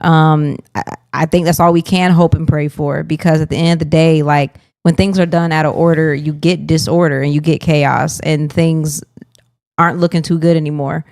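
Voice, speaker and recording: Female co-host, low voice, earnest and reflective, dry room. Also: steady tone, moderate pace, creaky, darkish tone, no room sound. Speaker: podcast co-host. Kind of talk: faith podcast conversation.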